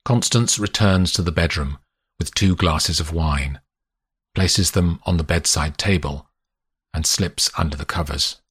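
A man narrating an audiobook in a measured, lilting storytelling manner. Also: sits low, a bit bright, slightly rough, no echo, clean studio sound. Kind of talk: scripted narration.

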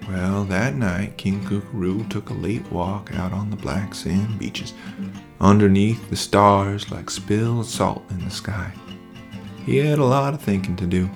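A man narrates a children's story in a relaxed, folksy manner. His voice is deep and gravelly, and soft guitar plays behind it. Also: unhurried. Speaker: children's podcast host and storyteller.

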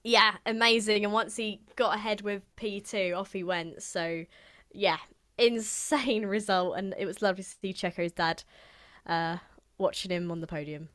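A woman's voice: medium pitch, steady tone, normal speed, fairly bright tone. A young woman co-hosting a podcast, chatting casually with lots of fillers and laughter. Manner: bubbly, filler-heavy, laughs often. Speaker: podcast co-host. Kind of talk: casual chat.

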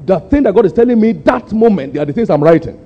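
An older man preaching a sermon, pushing his people for answers and climbing to sudden high, emphatic peaks. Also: lively intonation, fast. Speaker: pastor. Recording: muffled lo-fi sermon recording.

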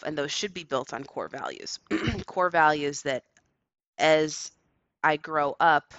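A woman co-hosting a casual discussion over a call, reflective and slow in her phrasing, laughing often. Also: low-pitched, a bit bright, no room sound, lo-fi sound. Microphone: remote call.

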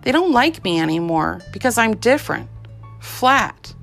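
A brave, earnest young boy from a storybook, as a woman reader puts him on, speaking in a bright childlike lilt. His voice sits higher than the reader's own and carries a sincere, open tone, with faint music behind. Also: very animated, normal speed, vocal fry, exaggerated voice. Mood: hurt.

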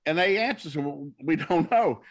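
Folksy preaching man, slightly high voice. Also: lively intonation, moderate pace. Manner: folksy preacher storytelling, acts out dialogue. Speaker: minister. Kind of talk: storytelling talk-show guest.

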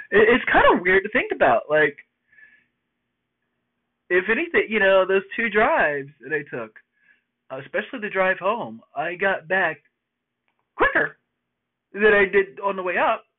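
A man telling a rambling personal story in casual monologue, swearing often and filling pauses with "you know". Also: sits high, very animated. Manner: rambling, profane, lots of fillers and restarts. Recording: phone-like narrow band.

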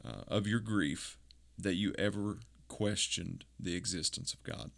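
A man with a very deep voice asks gentle, faith-centered questions. He talks slowly and affirms what the guest says. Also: creaky. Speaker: interviewer. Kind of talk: faith interview.

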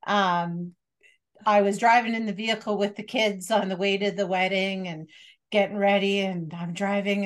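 A young woman hosts a relaxed podcast conversation. She is chatty and shares personal stories. She keeps the talk moving with quick affirmations. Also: mid-range voice. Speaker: podcast host. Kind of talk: casual podcast interview.

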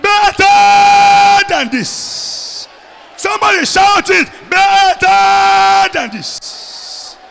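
A man leading a fiery sermon and prayer, alternating shouted prayer with quieter speech. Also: extremely high pitch, drawn-out words, creaky, a faint crowd, slight background noise. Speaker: pastor. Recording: long hall reverb.

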